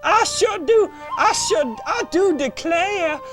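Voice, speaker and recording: A man voicing a sweet, chatty Southern belle girl in a gushing falsetto with a Southern US accent. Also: expressive, slow, a bit bright, soft background music, exaggerated voice.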